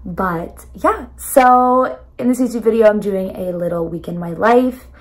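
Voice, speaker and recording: Raspy-voiced young woman, chatty and bubbly. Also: medium pitch, a little slow. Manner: bubbly, chatty, apologetic, with filler words. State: hoarse from yelling and singing. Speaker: vlogger. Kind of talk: casual vlog chat. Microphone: phone camera.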